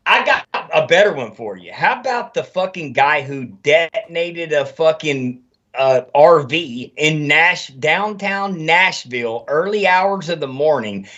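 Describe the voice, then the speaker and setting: Slightly high voiced guy, cursing and emphatic, muffled lo-fi podcast audio. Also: animated, unhurried, fairly bright tone. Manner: emphatic, profane, swaggering. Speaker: podcast host. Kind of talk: casual conversation. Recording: dull lo-fi audio.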